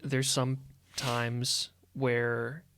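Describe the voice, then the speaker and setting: A young man from Ohio with an American accent, co-hosting a podcast in casual chat, relaxed and using lots of fillers. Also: medium pitch, drawn-out words, a little hiss or hum. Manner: relaxed questioner, many "like" fillers. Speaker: podcast co-host.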